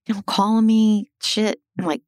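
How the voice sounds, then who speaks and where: A middle-aged woman telling her life story as a podcast guest, animated and blunt, swearing and acting out what people said. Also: medium pitch, normal speed, no room sound, clean studio sound. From Illinois. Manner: animated, swearing, acts out quoted dialogue. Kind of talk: casual storytelling interview.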